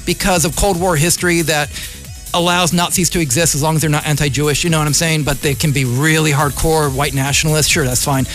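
A man's voice: on the high side, steady tone, fast, fairly bright tone, soft background music. A man hosting a community radio show, delivering an impassioned, rambling, argumentative commentary monologue from the studio.

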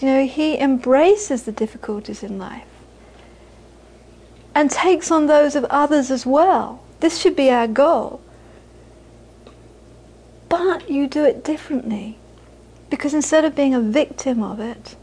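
The audio quality is poor, but a middle-aged woman's high, warm voice comes through at a measured pace, with frequent pauses. She gives an informal dharma talk to an audience, teaching Buddhism in a chatty way, repeating phrases for emphasis and often laughing.

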